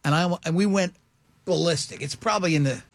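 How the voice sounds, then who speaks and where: A man in his sixties hosting a radio show, telling stories in an animated, excitable way. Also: on the high side, quick pace, no echo. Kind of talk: casual chat. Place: radio studio.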